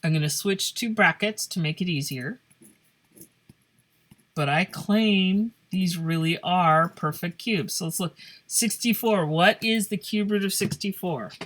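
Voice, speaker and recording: A woman's voice: on the low side, a little slow, a bit bright. A woman teaching a math lesson in a playful, joking way, thinking aloud as she works through problems. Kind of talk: casual classroom lesson. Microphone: phone camera over paper.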